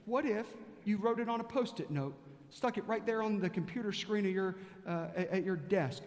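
A man with a fairly high voice preaches in a large church sanctuary, his words trailing into a long reverb. He tells stories and piles up rhetorical questions, slowing right down on the key words. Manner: storytelling preacher, slows for emphasis, rhetorical questions. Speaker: pastor. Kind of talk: sermon.

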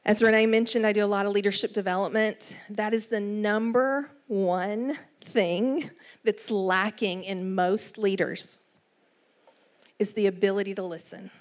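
A middle-aged woman with an East Texas accent, preaching a sermon in an animated storytelling way with asides. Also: mid-range voice, unhurried. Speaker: church speaker.

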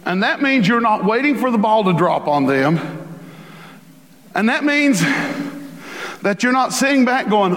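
A man preaching a sermon as a pastor, animated and acting out the voices he quotes. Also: on the high side, moderate pace. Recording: reverberant hall.

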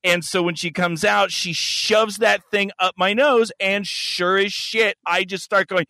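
Bright-toned man telling crude stories. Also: high-pitched, takes it slowly. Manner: crude, animated, acts out voices and yelps. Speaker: podcast host. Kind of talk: casual storytelling chat.

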